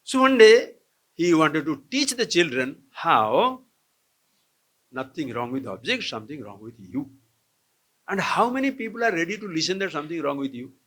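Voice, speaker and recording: A man giving a humorous, animated spiritual discourse as a swami, calling his listeners friends. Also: a little high, normal speed. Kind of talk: spiritual discourse to a camp audience.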